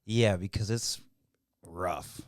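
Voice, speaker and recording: A man's voice: deep voice, slow pace, no room sound, studio quality. A man co-hosting a podcast, chatting in an easygoing way and thinking aloud. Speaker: podcast co-host. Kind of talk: casual chat.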